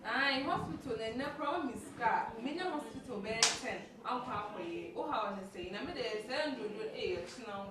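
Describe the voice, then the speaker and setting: An actress giving quiet, halting pidgin replies in a comedy skit. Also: female voice, on the high side, animated, background noise, close to an everyday voice. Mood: pleading. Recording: very echoey room from far, crowd.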